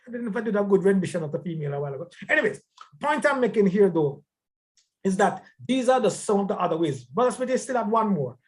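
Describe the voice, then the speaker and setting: A man's voice: high-pitched, very animated, fast. A man teaching a church life-skills class in a conversational way, emphatic and often repeating words.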